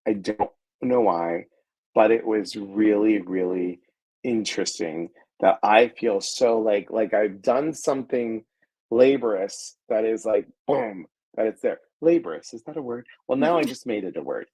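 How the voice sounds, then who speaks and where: A man's voice: fairly low pitch, a little slow, low-quality recording. A middle-aged man, a guest on a live stream, chatting casually and playfully, greeting viewers and joking along. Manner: playful, animated, reads viewer comments aloud.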